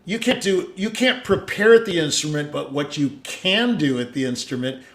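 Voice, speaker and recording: An older man hosting a casual chat, storytelling with sudden loud asides and low mutters. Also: lively intonation, normal speed. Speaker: host.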